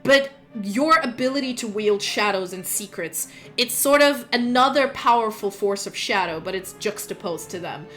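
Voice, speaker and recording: A woman's voice: mid-range voice, normal speed, few pauses, fairly bright tone, faint music behind. A woman narrating as game master of a tabletop role-playing game, describing scenes in a chatty way with plenty of filler words.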